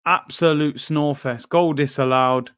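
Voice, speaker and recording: A man's voice: a little high, steady tone, a little slow, fairly bright tone, smooth, no room sound, studio quality. A man hosting a live football watchalong, chatting casually in slang and reading out chat messages.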